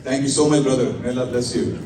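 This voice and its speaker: A man's voice: medium pitch, steady tone, quick pace, background noise. A man running a live charity auction, coaxing the crowd to bid and thanking donors with blessings. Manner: upbeat, coaxing bids, peppered with religious blessings. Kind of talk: live fundraising auction calling. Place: large indoor event hall. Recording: echoey hall, mic at a distance.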